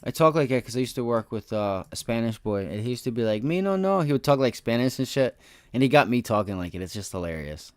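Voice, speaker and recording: A man at a mid-range pitch hosts a live day-trading stream with boastful, slangy commentary. He jumps from loud excited calls to quiet muttering, always talking to his viewers. The sound is dry, with no room echo. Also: fast talker, clear, resonant tone. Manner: swings between loud bursts and low mutters. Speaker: day-trading livestream host. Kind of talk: live stock market commentary.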